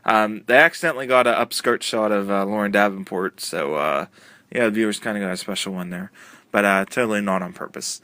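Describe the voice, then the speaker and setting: A man with a lowish, bright, forward voice talks through a wrestling broadcast as a casual review, stringing events together loosely and padding them with fillers. The sound is dry and close, with no room around it. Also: brisk, no echo. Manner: rambling, filler-heavy retelling with many uh and um.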